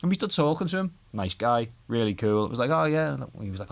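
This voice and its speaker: A young adult man with a Scouse accent, a guest guitarist telling animated stories, laughing and swearing often in casual podcast chat. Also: medium pitch, fast talker. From Liverpool, England.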